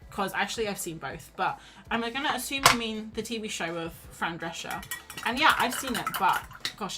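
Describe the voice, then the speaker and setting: Painting on her stream, a woman rambles casually in a mid-range voice, often poking fun at herself. The recording quality is low.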